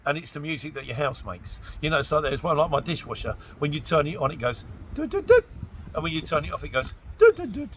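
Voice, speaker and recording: A man's voice: a little high, quick pace, hardly any pauses, a bit bright, a little hiss or hum. A middle-aged man from Luton with a Luton English accent, chatting casually through viewer questions on his vlog, joking, rambling into asides and mimicking the people he quotes. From Luton, England. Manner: chatty and jokey, rambling asides, mock-quoting others. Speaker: trucker vlogger answering viewer questions.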